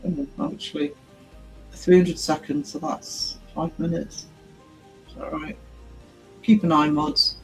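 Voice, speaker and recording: A livestream host, a man with a fairly high, level voice, chats casually with viewers, reads their comments and laughs a lot. He speaks slowly and creakily with frequent pauses, and the poor-quality audio carries faint music in the background.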